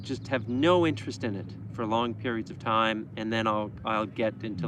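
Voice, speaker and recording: A man's voice: lowish voice, fairly even intonation, moderate pace, background noise. Easygoing man reading viewer questions. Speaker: livestream co-host. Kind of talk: casual livestream chat.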